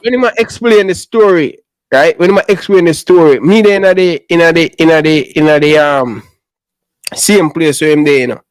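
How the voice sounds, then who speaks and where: A man's voice: a little high, brisk, smooth, dry recording. A young Jamaican man chatting casually, telling a long story in patois and repeating himself as he goes. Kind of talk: casual chat.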